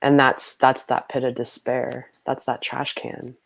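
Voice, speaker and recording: A woman's voice: a bass voice, flat delivery, a little slow, vocal fry, breathy edge. A woman on a video call in a casual group chat, speaking emphatically and acting out her inner voice.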